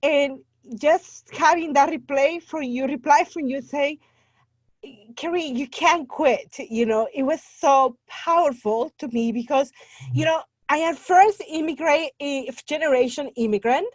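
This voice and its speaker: Speaking at a measured pace in a high-pitched voice, this membership site owner from Guatemala talks earnestly and from the heart as a guest on a casual podcast. She's a native Spanish speaker with a Guatemalan Spanish accent, and the recording has no room sound.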